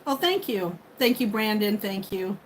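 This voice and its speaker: A woman's voice: medium pitch, lively intonation, measured pace, low-quality recording. A woman in her fifties hosting a casual livestream, chatting and thanking viewers by name. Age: 50s. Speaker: livestream host. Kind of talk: casual live chat with viewers. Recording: faint background noise.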